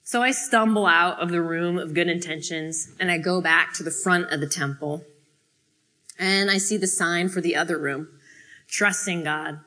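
A woman speaking at a student fellowship, telling a dramatic spoken-word sermon with theatrical, expressive pauses. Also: lowish voice.

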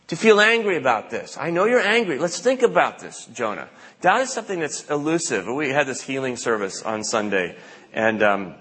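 Preaching as pastor in a large hall with long reverb, a man tells stories conversationally and acts out the quotations. His voice is fairly low, fairly bright and husky.

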